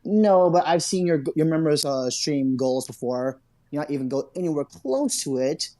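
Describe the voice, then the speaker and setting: Man guest, defensive and halting, repeats words, video-call stream argument. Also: a little high, lively intonation, warm tone.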